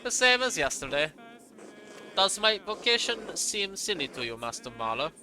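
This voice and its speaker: Man doing a strict monk sacrist, fake German accent, formal and rule-bound, pitched higher; noisy recording. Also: sing-song, moderate pace, bright, forceful tone, heavily acted. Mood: stern. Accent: mock German. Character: stern pious male monk sacrist, middle-aged.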